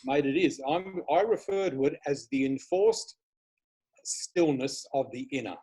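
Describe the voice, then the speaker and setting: An Australian man guesting on a video podcast, talking with lively, excitable enthusiasm about spiritual matters. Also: on the high side, measured pace, slightly rough, low-quality recording. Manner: enthusiastic, excitable, laughs often. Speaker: flower reader guest. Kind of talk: casual spiritual chat.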